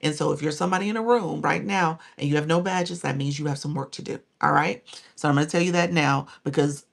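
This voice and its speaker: A woman's voice: deep voice, fast talker, gravelly. A woman in her forties coaching viewers on a live stream, emphatic and chatty, thanking people by name and laughing often.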